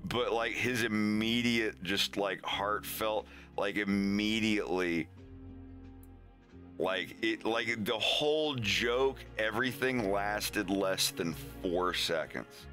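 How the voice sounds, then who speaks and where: Young adult male streamer, casual storyteller, animated delivery. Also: slow pace, faint music behind. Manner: animated, acts out quoted voices with big high pitch jumps.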